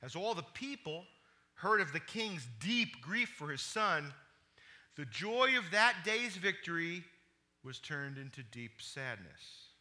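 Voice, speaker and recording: A male pastor retelling scripture in a sermon, with animated storytelling that drops quiet on somber points. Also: on the high side, takes it slowly.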